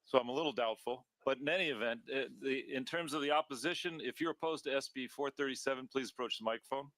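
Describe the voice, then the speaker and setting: A man chairing a legislative committee hearing, calling up witnesses in a brisk, procedural way with some dry humor. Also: medium pitch, fairly bright tone, dry recording.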